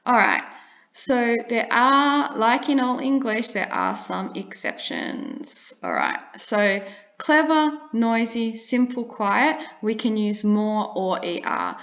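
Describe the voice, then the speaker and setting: A woman teaching an English grammar lesson, explaining slowly and repeating each example. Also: fairly high pitch, very animated, fairly bright tone, muffled recording. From Australia.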